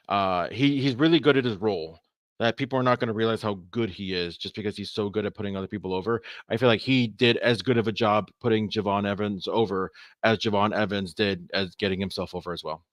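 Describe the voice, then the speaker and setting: A man's voice: lowish voice, brisk, no echo. Chatty man with a dry, close sound. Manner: animated, rambling, stammering. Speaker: podcast co-host. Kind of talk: casual podcast chat.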